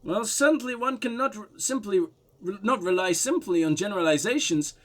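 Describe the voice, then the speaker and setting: A man voicing a smooth, evasive foreign diplomat in a mock Russian-German accent, with a suave, pompous manner. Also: high-pitched, animated, fairly quick. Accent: mock Russian-German blend.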